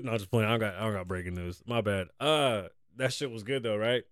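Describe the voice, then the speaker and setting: A man's voice: animated, normal speed, dry recording. Man, podcast host, casual chat, profane, slangy, mid-range voice, dry sound. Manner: profane, blunt and frank, slangy; swings between low, subdued venting and loud, hyped outbursts.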